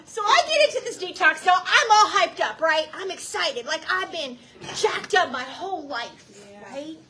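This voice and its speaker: Animated middle-aged woman giving church testimony. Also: extremely high pitch, normal speed, a crowd in the background. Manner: animated storytelling, slangy, laughs often. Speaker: guest speaker giving testimony. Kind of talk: personal testimony to a church audience.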